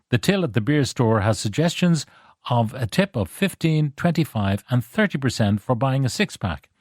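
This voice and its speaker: A man's voice: medium pitch, darkish tone, dry recording, studio quality. A middle-aged man from Ireland hosting a radio show, reading out listener messages with wry, conversational asides. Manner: wry, conversational, reads texts aloud with emphasis.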